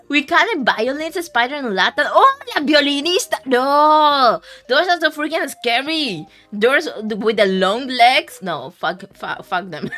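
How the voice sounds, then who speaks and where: Woman streamer, bright crisp voice, giggly and foul-mouthed, faint music behind. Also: sits high. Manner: laughs often, swears, rambling storyteller. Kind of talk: casual stream chat.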